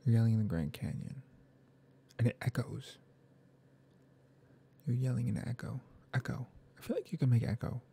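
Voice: medium pitch, normal speed, gravelly, pauses often, warm tone, breathy edge. A gaming video creator thinks aloud while playing, rambling and often sliding into half-whispered muttering. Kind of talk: soft-spoken gaming commentary.

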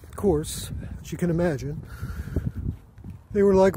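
A man with a high voice talks slowly through a casual personal account, halting often on fillers and restarts. His tone is weary and aggrieved. Clear background noise and ambient sounds sit behind him. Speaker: vlogger.

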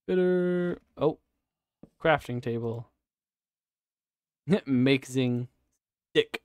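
A man's voice: medium pitch, extremely slow, smooth, dry recording, studio quality. A man giving casual, profane live commentary while playing a game, chatting to himself and his viewers. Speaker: streamer.

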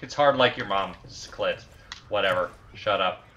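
A man hosting a casual gameplay session with loud, crude banter and bursts of shouting. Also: sits low, a little slow, lo-fi sound, slight background noise. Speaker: let's play host.

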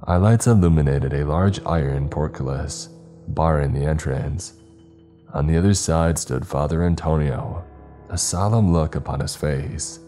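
A man with an extremely deep, dark, mellow voice narrating a horror story. His delivery is measured and somber, with faint music playing behind him.

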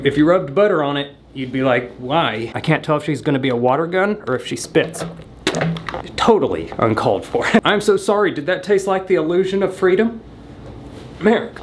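A man's voice: on the high side, a little hiss or hum. A man hosting a comedic product-review vlog, sarcastically roasting cheap props with bursts of laughter. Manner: bursts of laughter and startled yelps.

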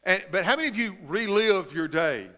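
A male pastor preaching a sermon, shifting between emphatic stretches and hushed, drawn-out phrases. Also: high-pitched, lively intonation, in a large hall.

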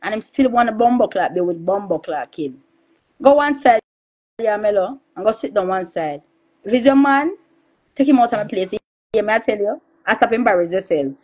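A Jamaican woman in a heated live-stream rant, loud, cursing and taunting, repeating her insults again and again. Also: mid-range voice, rough recording.

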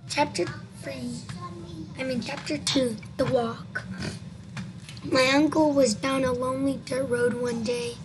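A woman reading a scary story aloud, halting and restarting as she goes. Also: high voice, fairly even intonation, noisy background. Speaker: story reader.

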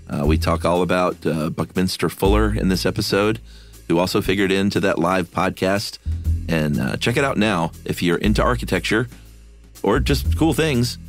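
A man with a notably deep, low voice chats casually as a podcast co-host. He sounds relaxed and talks loosely, often trailing into laughter. He speaks into a studio microphone. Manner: relaxed, laughs easily, chatty with fillers. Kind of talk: casual chat.

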